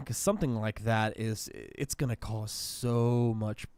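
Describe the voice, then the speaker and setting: A man's voice: on the low side, fairly even intonation, slow, a little mellow, clean tone, dry recording. A man co-hosting a podcast in casual chat, rambling and restarting his sentences often. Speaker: podcast co-host.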